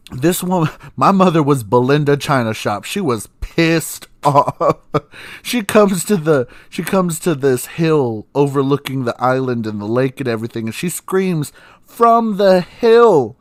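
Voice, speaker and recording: A man's voice: medium pitch, expressive, unhurried, no echo, studio quality. A young man hosting a podcast, telling stories casually with frequent laughs and swearing. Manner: profane, laughs often, acts out voices in quotes. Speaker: podcast host. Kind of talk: casual storytelling monologue.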